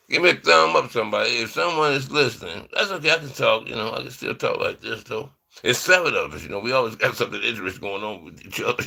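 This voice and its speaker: Gravelly man rambling to viewers. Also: medium pitch, bright, forceful tone. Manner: loose, rambling, peppers talk with "man" and "you know". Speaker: vlogger. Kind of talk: rambling casual monologue to viewers.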